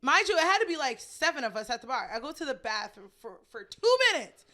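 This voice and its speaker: Woman podcast co-host, super high squeaky-bright voice, tells stories fast and animated, laughs and curses. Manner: animated, swearing, laughing while telling stories. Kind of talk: casual chat storytelling.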